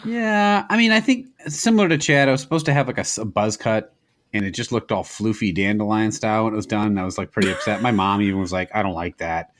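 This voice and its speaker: A man's voice: fairly low pitch, steady tone, fast talker, fairly bright tone. A man in his thirties co-hosting a podcast, telling rambling stories in casual chat and laughing often. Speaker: podcast co-host.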